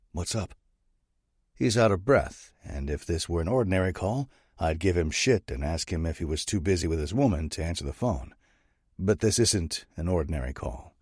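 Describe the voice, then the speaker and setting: A man narrating a first-person audiobook in a steady, gritty storytelling manner. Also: low-pitched, no room sound, studio quality.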